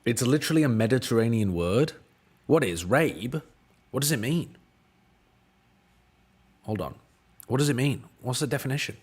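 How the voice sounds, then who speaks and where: A man's voice: mid-range voice, lively intonation, moderate pace, pauses often, darkish tone, breathy edge. A man from the UK, a streamer, thinking aloud while solving word puzzles, exasperated and swearing now and then. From United Kingdom.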